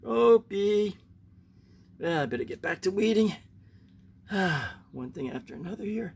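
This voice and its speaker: A man's voice: animated, fairly quick, fairly bright tone, slight background noise. An older man vlogging while weeding his yard outdoors, rambling and repeating himself, sighing and a bit winded. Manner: coaxing high calls to his pet. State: getting winded. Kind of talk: casual vlog chat.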